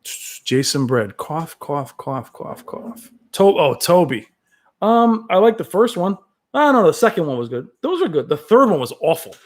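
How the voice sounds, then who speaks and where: A man hosting a casual live stream from home, reading viewer comments aloud and talking in a rambling, excitable way. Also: high-pitched, moderate pace. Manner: rambling, excitable, with frequent fillers. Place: at home with his cat.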